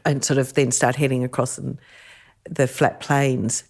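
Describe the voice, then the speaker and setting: Low-voiced Australian woman telling road stories. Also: unhurried. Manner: lively, laughs often while telling stories. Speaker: podcast guest. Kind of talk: storytelling in casual chat.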